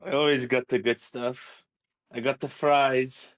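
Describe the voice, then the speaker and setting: A man's voice: mid-range voice, fairly even intonation, measured pace. A man chatting casually with a streamer friend, amused and skeptical, often laughing. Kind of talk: casual chat on a livestream.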